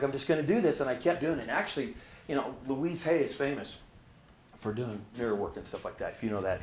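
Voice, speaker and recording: A motivational speaker gives a casual talk, an animated storyteller who acts out the voices of the people in his stories and drops in frequent "right?" asides. His voice sits at medium pitch, and the sound is roomy.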